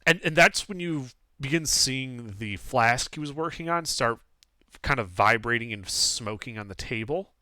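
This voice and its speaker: A man's voice: medium pitch, normal speed, dry recording, studio quality. A man narrating a tabletop game as game master, rambling and full of fillers. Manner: animated, rambling with many fillers.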